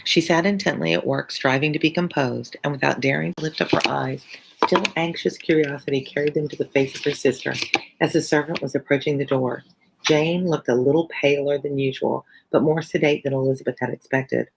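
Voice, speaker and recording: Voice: mid-range voice, fairly even intonation, brisk, vocal fry, a little hiss or hum, rough recording. A teacher reading a novel aloud on a live stream, breaking off for chatty asides to viewers. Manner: chatty asides between passages.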